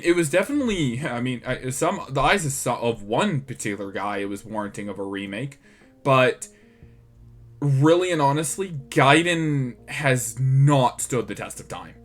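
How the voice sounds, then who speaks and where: Rambling man in casual gaming talk. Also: mid-range voice. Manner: rambling, with many restarts and laughs. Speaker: podcast co-host.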